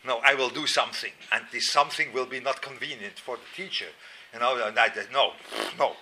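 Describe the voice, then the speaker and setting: Animated man, bright voice. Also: medium pitch, brisk, slight background noise. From Switzerland. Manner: animated, self-mocking, repeats words, sudden loud outbursts. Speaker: Torah class lecturer. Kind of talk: personal storytelling lecture.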